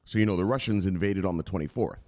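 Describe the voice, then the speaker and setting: A man's voice: low-pitched, quick pace. A man hosting a crypto news livestream, chatting casually, joking, swearing and greeting viewers by name. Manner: animated, profane, joking, greets chat by name.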